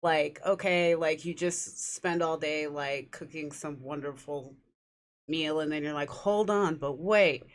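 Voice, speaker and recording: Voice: medium pitch, flat delivery, a little slow. A podcast co-host in casual chat, easygoing and amused.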